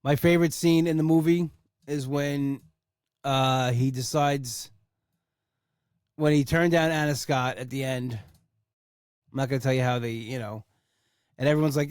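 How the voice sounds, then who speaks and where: A man's voice: medium pitch, fairly even intonation, measured pace, long pauses, a little mellow, clean tone, dry recording, studio quality. A young man hosting a casual solo podcast, rambling with enthusiasm and swearing for emphasis. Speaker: podcast host.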